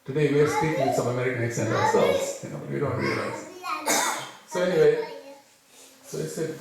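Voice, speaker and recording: A man from Fiji telling a personal story to a gathering, animated and often laughing as he acts out the dialogue. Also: fairly high pitch, brisk, creaky, long pauses, recorded from a distance, a crowd in the background. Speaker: spiritual speaker. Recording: very echoey hall with audience.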